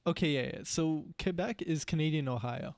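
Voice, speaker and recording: A man's voice: fairly high pitch, moderate pace, no room sound, studio quality. A young man co-hosting a podcast in casual chat, rambling with many "like"s and "you know"s. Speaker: podcast co-host.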